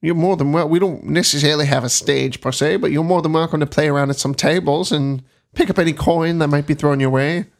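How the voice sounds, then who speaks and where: A man's voice: on the high side, fairly even intonation, gravelly. A man voicing a friendly, chatty half-elf woman who keeps a tavern, with a put-on Scottish-sounding accent. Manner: chatty, apologetic about the slow pub.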